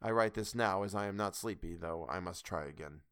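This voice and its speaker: A man narrates a classic novel with measured, steady pacing. His voice sits on the low side. The audiobook recording is dry and close, with no room echo. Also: clear, resonant tone. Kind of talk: audiobook reading.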